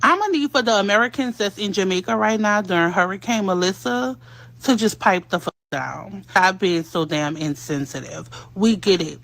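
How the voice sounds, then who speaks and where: A New woman with a gravelly, fry-heavy voice scolds her viewers and sounds fed up. The sound is dry and close. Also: medium pitch, fairly bright tone, no echo. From New Orleans. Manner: exasperated and scolding. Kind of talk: social media video rant.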